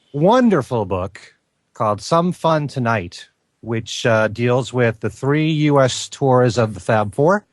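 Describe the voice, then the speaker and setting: A man hosting a casual podcast chat, moving through introductions and topics. His voice sits at a middle pitch and sounds dry and close. He speaks steadily. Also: no room sound. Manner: introduces segments and guests. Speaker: podcast host.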